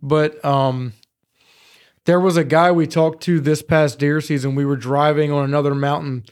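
A man telling hunting stories in casual studio chat, profane and animated. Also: fairly high pitch, normal speed. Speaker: podcast co-host.

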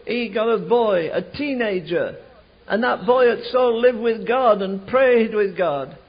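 A man preaching a sermon, telling a revival story in an animated way, slowing and rising for emphasis. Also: high-pitched, breathy edge. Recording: dull lo-fi recording.

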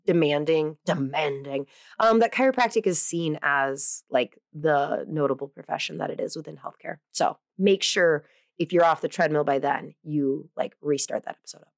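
A woman's voice: sits low, moderate pace, creaky, no room sound. Chatty woman podcast host, dry sound. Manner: chatty and animated, full of fillers and self-corrections. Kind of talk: casual solo podcast intro.

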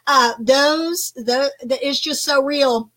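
An older woman co-hosting a Christian broadcast, talking in an animated, emphatic way with many restarts. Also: sits high, slow pace. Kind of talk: casual faith talk chat.

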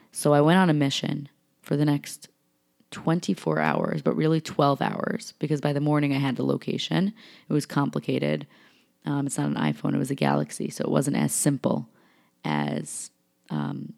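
A young woman from New York telling a personal story in an animated way, full of fillers and acted-out quotes. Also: low voice, vocal fry. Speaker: vlogger.

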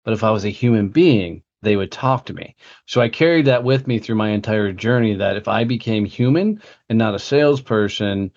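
A man's voice: on the low side, a little fast, a little mellow, muffled recording. A man guest telling a blunt, profane story in a casual interview. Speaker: guest, entrepreneur.

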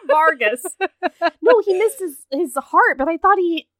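A woman's voice: extremely high pitch, lively intonation, takes it slowly, fairly bright tone, dry recording. A woman in casual chat recapping a film, ranting and mocking characters in funny voices.

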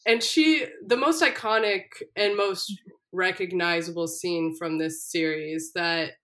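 A woman's voice: lowish voice, measured pace. A young woman casually chatting on a podcast, animatedly retelling a reality show and acting out the quotes with frequent laughter. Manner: animated storyteller, acts out quotes, laughs often. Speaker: podcast co-host.

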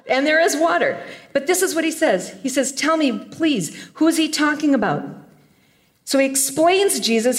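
A woman preaching a sermon, retelling a scripture story with animated storytelling and playful asides. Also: sits high. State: choked up with emotion.

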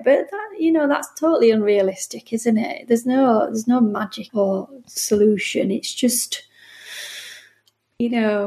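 A woman's voice: on the high side, darkish tone. A middle-aged woman, talking earnestly about her work as a bereavement midwife in a casual interview, often restarting and acting out conversations. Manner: earnest, emotional, frequent restarts and quoted dialogue. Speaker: bereavement midwife, podcast guest.

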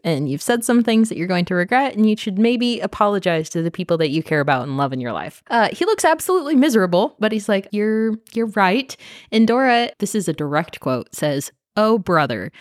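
Casting note: podcast co-host, woman, giggly and chatty, dry close sound, mid-pitched. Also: no echo. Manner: giggly, retells scenes with playful quoted voices. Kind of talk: casual book discussion.

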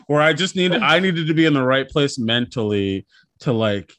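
An animated man talking casually and profanely, often dropping into quick impressions of other people. His voice sits at a middle pitch and is recorded close and dry, with no room sound around it. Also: dry recording. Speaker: podcast co-host. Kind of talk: casual chat.

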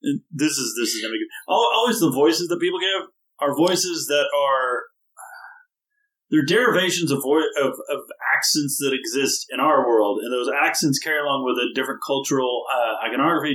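A man's voice: medium pitch, fairly bright tone. A man in casual podcast chat about tabletop gaming, talking in an emphatic, exasperated, ranting way. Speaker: podcast co-host, tabletop gamer. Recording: roomy echo.

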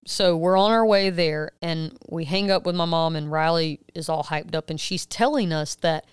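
A woman in her thirties co-hosting a podcast, retelling a story in casual chat and acting out quotes with loud, cursing outbursts. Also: sits low, normal speed, clear, resonant tone, no echo, studio quality. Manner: animated retelling with loud acted quotes and swearing. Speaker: podcast co-host.

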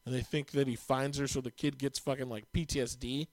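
Gravelly, dry-sounding man on a podcast. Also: medium pitch, level tone, a little fast, a little mellow, dry recording. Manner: crude, rambling, frequent "like" fillers. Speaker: podcast co-host. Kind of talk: casual comedic chat.

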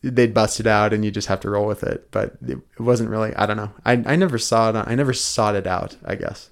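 A man's voice: lowish voice, a little fast, vocal fry. A man in his thirties, a podcast host taking the guest seat, telling his story in an earnest, casual way with frequent restarts.

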